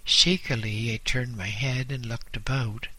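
A man narrates a first-person story with slow, grave drama. His voice has a bright, tense edge. The sound is dry and close, with no room around it. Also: mid-range voice, steady tone, husky, no room sound. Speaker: audiobook narrator.

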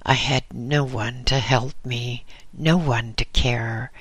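A man's voice: mid-range voice, steady tone, a bit bright, breathy edge, no echo. A man reading the part of a sick, dying male silversmith who speaks in a weak, bitter voice. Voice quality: weak, faint voice. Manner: bitter, halting.

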